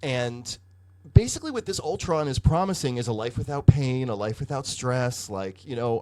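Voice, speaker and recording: Male podcast co-host, lively sing-song delivery, profane and chatty. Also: mid-range voice, moderate pace. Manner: animated, profane storytelling with hedging fillers. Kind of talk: casual comic book review chat.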